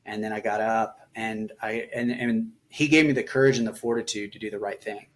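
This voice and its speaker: A man in his forties tells a story from his army years as a podcast guest. He talks in a loose, conversational way, with plenty of fillers and quick asides. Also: fairly low pitch, fairly even intonation. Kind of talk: storytelling interview.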